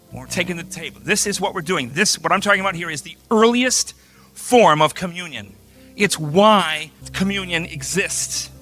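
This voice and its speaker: Guy preaching in church, bright sharp voice, a bit high, gets really animated. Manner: animated, acts out quotes, builds to emphatic peaks. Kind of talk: sermon.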